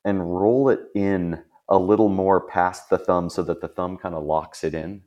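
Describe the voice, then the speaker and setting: A man's voice: low-pitched, steady tone, moderate pace, darkish tone, muffled recording. A man hosting a podcast in casual chat, rambling and self-deprecating, laughing often. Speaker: podcast host.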